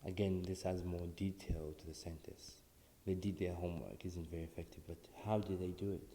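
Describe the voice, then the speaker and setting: A man's voice: low voice, steady tone, fairly quick, mellow, a little hiss or hum. A man teaching a writing lesson, explaining step by step and repeating words for emphasis. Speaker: English teacher. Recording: echoey room with long reverb.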